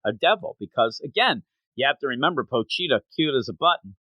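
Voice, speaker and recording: Man, casual podcast chat, lively swooping pitch, dry close sound. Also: no room sound, dull audio. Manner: animated, acts out lines in quick voices. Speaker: podcast co-host. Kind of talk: casual chat recapping a manga chapter.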